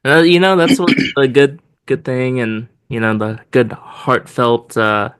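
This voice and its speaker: A man's voice: mid-range voice, expressive, measured pace, fairly bright tone, smooth. A man hosting a podcast who chats in an easygoing, affirming way. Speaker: podcast host. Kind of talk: casual chat.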